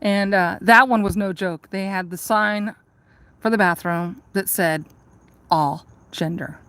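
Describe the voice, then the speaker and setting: A woman's voice: mid-range voice, a little slow, a bit bright. A woman vlogger telling a rambling, profane story in a casual chat, ranting and laughing at herself.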